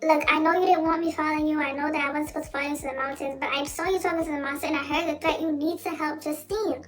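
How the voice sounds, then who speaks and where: A woman doing a frantic young woman with a very high, shrill voice who pleads urgently. She fires off breathless questions, as in a storytime retelling of a novel. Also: steady tone, very fast, lightly acted.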